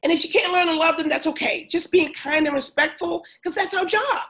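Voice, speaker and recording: A woman's voice: very high voice, fairly quick, low-quality recording. A woman, a former teacher and coach, telling a story in a casual interview and acting out what people said. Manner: animated, acts out quoted voices.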